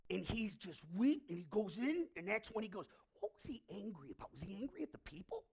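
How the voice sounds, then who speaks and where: A man preaching a sermon as pastor, dropping to hushed asides and rising to loud, drawn-out declarations. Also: high voice, big pitch swings, gravelly, husky.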